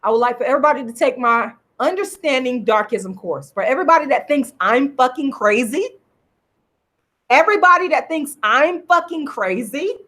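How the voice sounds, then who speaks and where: A woman's voice: high voice, fairly bright tone. A middle-aged woman ranting angrily to camera in a profane, repetitive vlog, hammering her points home. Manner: heated, profane, repetitive, emphatic. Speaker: online commentator. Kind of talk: angry profane vlog rant.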